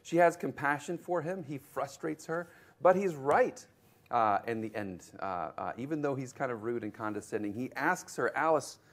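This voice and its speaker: Animated middle-aged man telling a story. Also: medium pitch, moderate pace. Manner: animated storyteller, many fillers and restarts. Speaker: opera director presenting his production. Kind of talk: conference presentation.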